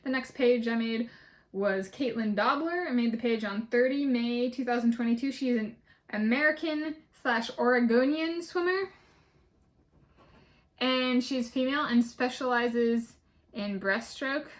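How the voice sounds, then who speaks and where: A woman's voice: fairly high pitch, a little slow. A woman vlogger talking casually and methodically through a list, with many fillers and restarts. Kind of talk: casual spoken list walkthrough.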